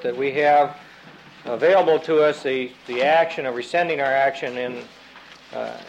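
A man, a state representative, making a halting, deliberate floor argument about procedure with many fillers and restarts. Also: medium pitch, muffled recording, slight background noise. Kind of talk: floor debate. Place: legislative chamber.

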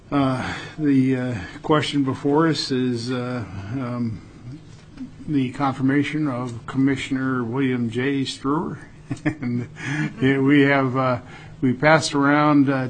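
A man chairs a legislative committee hearing in an ordinary mid-range voice. He talks haltingly and fills his pauses with uhs and ums. A faint ambient hum runs underneath. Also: mid-range voice, low-quality recording.

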